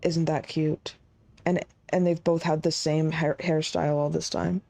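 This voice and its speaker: A woman's voice: low voice, little pitch movement, a little slow, vocal fry, a little mellow. A woman streaming a game live, chatting casually and thinking aloud as she works through puzzles.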